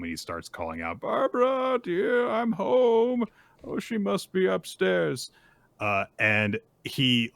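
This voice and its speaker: A man co-hosting a casual manga recap, retelling chapters in an animated way. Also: low-pitched, no room sound. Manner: animated retelling with quick voiced asides. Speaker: podcast co-host.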